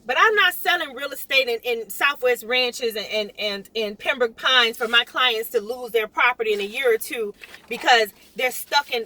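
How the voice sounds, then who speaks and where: A middle-aged woman realtor from South Florida, ranting in a vlog with emphatic, animated delivery and repeating lines for emphasis. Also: on the high side, dry recording. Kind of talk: impassioned vlog rant.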